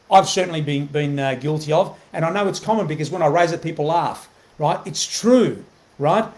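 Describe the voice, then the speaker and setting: A man's voice: sits high, a little mellow. A man hosting a motivational live video, talking earnestly and often checking in with a questioning "right?", repeating phrases as he goes. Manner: earnest, keeps asking "right?" to the viewer; repeats himself, many fillers and restarts. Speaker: motivational host.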